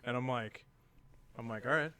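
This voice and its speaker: A man's voice: medium pitch, normal speed, a loud crowd. A man in his thirties, a podcast co-host, telling a casual story and acting out what people said. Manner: animated storyteller acting out quotes. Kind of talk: casual chat.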